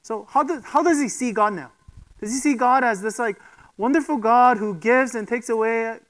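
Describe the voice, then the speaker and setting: This sermon comes through poor audio, delivered at a moderate pace by a preacher whose middling voice has a fairly bright tone. He preaches emphatically, leaning on rhetorical questions and frequently checking in with the audience.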